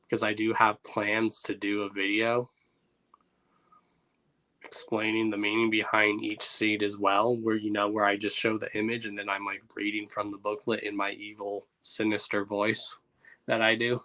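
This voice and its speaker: Bright-voiced man chatting on a livestream. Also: on the low side, completely flat delivery, normal speed. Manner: loose and chatty, reacts to chat. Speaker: livestream host. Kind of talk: casual livestream chat.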